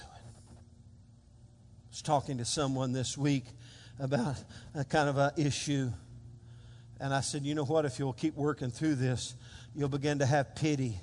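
A man preaching a sermon as pastor, animated and calling out for responses from the congregation. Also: medium pitch. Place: church sanctuary. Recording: long hall reverb.

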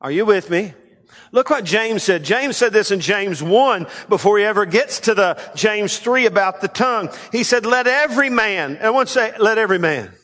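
A male pastor preaching a sermon, leading the congregation in call-and-response and swinging between loud emphatic lines and quiet asides. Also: sits high, animated, normal speed. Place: church sanctuary. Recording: long hall reverb.

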